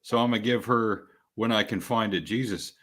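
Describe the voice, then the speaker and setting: A man co-hosting a podcast in casual chat, relaxed and rambling with dry humor. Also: on the low side, normal speed. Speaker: podcast co-host.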